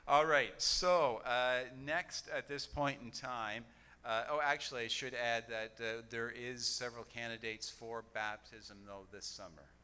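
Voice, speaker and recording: A man chairing a church business meeting, speaking haltingly with many fillers and restarts. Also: medium pitch, steady tone, sharp tone, clean tone.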